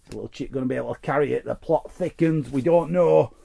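Gravelly man opening card packs. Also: mid-range voice, fast talker, warm tone. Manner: jokey asides, reads cards aloud. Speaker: host. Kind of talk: casual pack-opening commentary.

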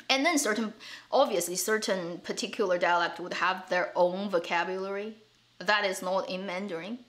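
A woman's voice: mid-range voice, moderate pace, a bit bright. Chatty woman. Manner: chatty, laughs often, repeats words as she thinks. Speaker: streamer and show host. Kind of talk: casual live stream chat.

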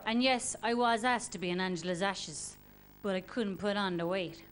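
A woman doing an impression of a well-known Irish female rock singer, hosting a comedy show with deadpan one-liners in an Irish accent. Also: mid-range voice, moderate pace, slight background noise, lightly acted. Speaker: host. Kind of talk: stand-up impression. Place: comedy club stage with audience.

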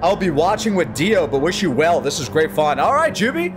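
A hyped-up American man hosts a casual gaming stream, with a voice that bounces animatedly up and down. He sits a touch above most men in pitch and calls out to chat by name. Game music plays steadily behind him. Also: sing-song, fairly quick. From United States. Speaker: gaming livestreamer. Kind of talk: casual live-stream chat while racing.

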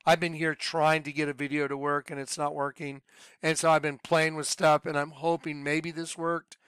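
A man giving an informal, rambling video sermon to his followers, excitable and laughing at his own points. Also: fairly high pitch, moderate pace, clear, resonant tone, dry recording. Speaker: online preacher.

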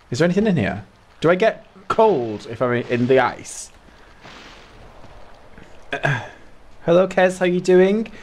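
A British man live-streaming a video game, talking to his chat in a loose, chatty way and laughing often. His voice is middling in pitch but swings up and down a lot. He jumps from greeting viewers to commenting on his own play. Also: a little hiss or hum. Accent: British English. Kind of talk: casual live-stream chat while playing.

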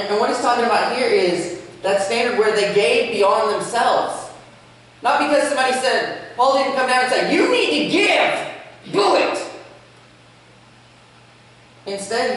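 A man preaching a sermon as pastor, animated, with light humor in his storytelling. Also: high-pitched. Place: church sanctuary. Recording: echoey church, speaker far from mic.

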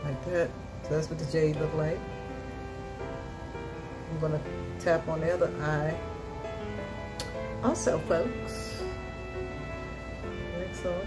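A woman's voice: sits low, slow, long pauses, low-quality recording. A woman vlogger talking through her makeup tutorial in a chatty, exuberant way, repeating her catchphrases. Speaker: beauty vlogger. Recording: music playing behind her.

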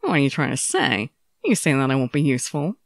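A woman's voice: big pitch swings, brisk, gravelly, no echo, studio quality, heavily acted. Woman voicing a brooding, sickly young swordsman. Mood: defiant. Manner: low, subdued, teasing drawl. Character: young male samurai, ill, wry and brooding.

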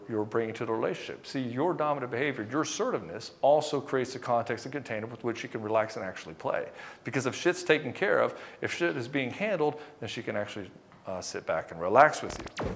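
A man with a middle-pitched voice delivers a motivational coaching talk. He speaks bluntly and emphatically, swearing freely as he hammers his points home. Now and then he slips into acting out what a wife or husband might say. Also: slight background noise. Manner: acts out quoted dialogue. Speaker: relationship coach.

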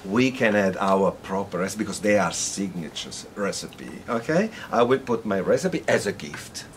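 A man's voice: low-pitched, lively intonation, moderate pace, a little hiss or hum. A man from Italy speaking English, playfully demonstrating a dessert as a cooking show co-host and humming along as he works. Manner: playful, exclaims, hums tunes while cooking.

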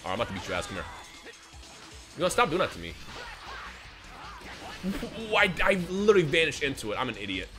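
A young man giving casual, joking commentary on a game he is playing, with sudden loud outbursts and slang. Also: on the high side, big pitch swings, fast talker, long pauses. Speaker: gaming video creator. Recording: voice over game music.

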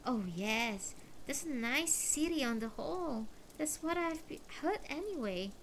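A woman's voice: sits high, expressive, measured pace, a little hiss or hum, pitched above the performer's own voice. A woman reading aloud, voicing a small, cheerful older woman making fussy small talk.

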